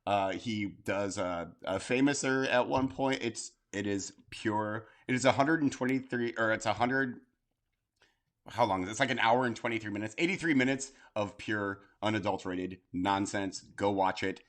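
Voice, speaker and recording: Hyper, excitable podcast co-host. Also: male voice, fairly low pitch, moderate pace. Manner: excitable, hyper, swearing, laughing as he talks. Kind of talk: casual wrestling podcast chat.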